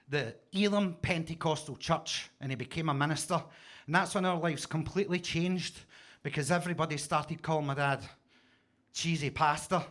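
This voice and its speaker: A man's voice: on the high side, fairly bright tone. A Scottish man in his forties doing a stand-up set in a basement comedy club, with punchy, self-mocking storytelling. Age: 40s.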